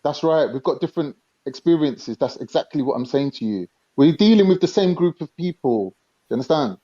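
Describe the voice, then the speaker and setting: A man's voice: on the high side, animated, brisk, dark tone. Blunt slangy man in his forties, lo-fi. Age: 40s. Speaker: panel guest. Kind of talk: heated online panel debate.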